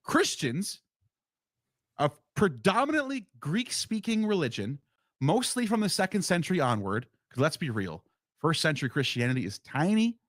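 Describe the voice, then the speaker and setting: A man on a livestream reacting to a video in heated commentary. His voice sits fairly high and swings widely as he fires off questions. The sound is dry and close. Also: no room sound. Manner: animated, worked up, rapid rhetorical questions.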